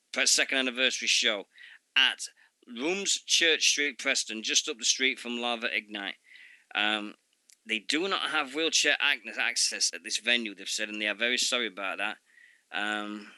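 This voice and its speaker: A man hosting a casual radio show, reading event listings in a halting way full of fillers and asides. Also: mid-range voice, pushed and bright, no echo.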